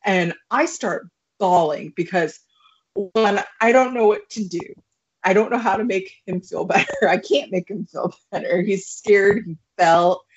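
A young woman telling a story as a podcast guest, animated and laughing, with plenty of fillers. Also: mid-range voice, unhurried, a little hiss or hum. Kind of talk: casual storytelling. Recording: muffled lo-fi recording.

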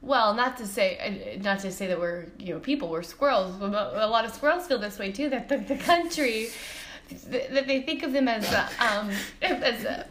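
A woman's voice: on the high side, moderate pace, a bit bright, slight background noise, close to an everyday voice. A woman playing a giggly, teasing squirrel reporter who co-hosts a podcast. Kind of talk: improvised comedy podcast.

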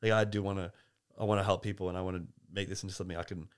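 A man's voice: sits low, level tone, rapid-fire, clean tone. An Australian man who is a barista and coffee creator, a guest chatting casually in a podcast interview, rambling with lots of fillers and restarts.

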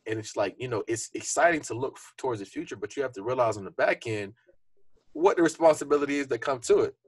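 A man's voice: medium pitch, lively intonation, fast talker, slightly rough, dry recording. A young man co-hosting a podcast, talking earnestly and reflectively in a casual conversation full of fillers. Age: young adult. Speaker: podcast co-host.

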